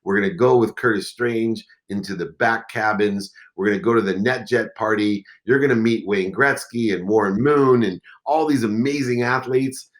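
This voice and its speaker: A man in his forties telling a personal story as a podcast guest, intense and swinging between quiet and loud. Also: fairly low pitch, normal speed, few pauses. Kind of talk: emotional storytelling.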